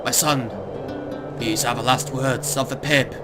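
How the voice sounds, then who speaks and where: A man's voice: medium pitch, steady tone, measured pace, loud music behind the voice, lightly acted. Man putting on a wailing Italian dying Pope. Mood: melodramatic. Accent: put-on Italian. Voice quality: theatrical, wailing, rising to shouts. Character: dying old male Pope, melodramatic and whiny.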